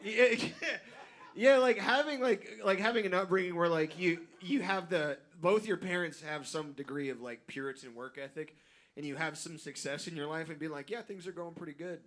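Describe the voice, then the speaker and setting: A young man co-hosting a live comedy podcast, telling excitable stories and mimicking his parents. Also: a little high, normal speed. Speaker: podcast co-host and editor. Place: live venue stage.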